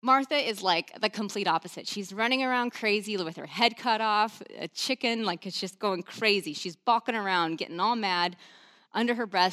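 Lady preaching casual-style, lots of "like", animated, chatty. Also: medium pitch. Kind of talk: conversational sermon.

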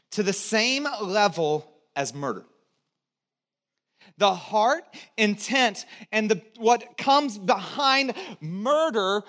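In a church, a middle-aged pastor from the United States preaches a sermon in a fairly high male voice. He chats with the congregation, gets them to repeat words, and tosses in humorous asides, moving from booming emphasis to soft, low delivery.

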